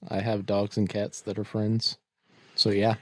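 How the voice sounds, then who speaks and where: A man's voice: fairly low pitch, monotone, measured pace, no room sound. A man co-hosting a podcast in casual chat, answering with dry, teasing one-liners. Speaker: podcast co-host.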